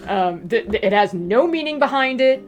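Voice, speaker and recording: A woman's voice: a little high, expressive, normal speed, faint music behind. A woman casually chatting through reader questions about her comic, rambling with lots of fillers and asides. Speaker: webcomic creator answering reader questions. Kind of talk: casual Q and A chat.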